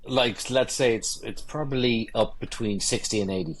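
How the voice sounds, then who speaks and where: A man's voice: mid-range voice, moderate pace, slight background noise. A man, a guest photographer telling swear-laced wedding stories in a casual interview. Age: 50s. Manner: swearing, animated anecdotes.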